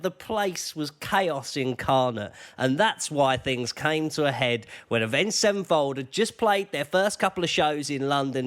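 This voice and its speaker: Male podcast host, slow and smooth, measured narration. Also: a little high, fairly bright tone. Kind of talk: scripted narration.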